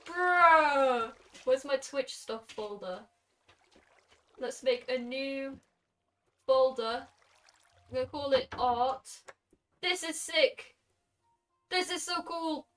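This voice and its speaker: A young woman streaming from her bedroom, chatting excitedly and gushing to her viewers. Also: high-pitched, slow, long pauses. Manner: excitable, gushing, talks to chat. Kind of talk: casual live-stream chat.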